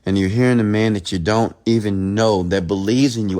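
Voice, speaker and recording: Fairly low-pitched and brisk, the late-night livestream mentor talks right at his listeners, hammering phrases again and again and shifting from loud pleas to hushed closeness.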